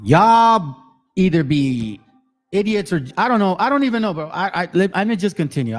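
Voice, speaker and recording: A man's voice: high-pitched, sing-song, normal speed, soft background music. A man giving heated, profane commentary on video clips, ranting angrily.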